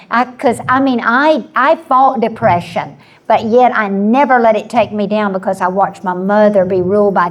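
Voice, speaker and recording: A woman in her seventies, a panelist sharing an earnest personal story with frequent restarts. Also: mid-range voice. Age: 70s.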